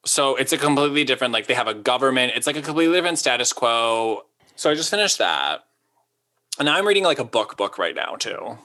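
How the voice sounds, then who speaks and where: A young man with a bright, forceful voice rambles through a casual chat, stacking "like" between quick asides. He sits in the middle for a man's pitch and talks easily as a co-host. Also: big pitch swings. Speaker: podcast co-host.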